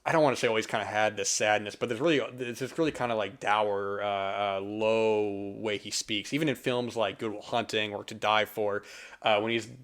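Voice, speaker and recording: Rambling man reviewing films, low voice. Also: fairly even intonation, fairly quick, a bit bright. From US East Coast. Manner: rambling, many fillers and restarts. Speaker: podcast host. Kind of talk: casual film review monologue.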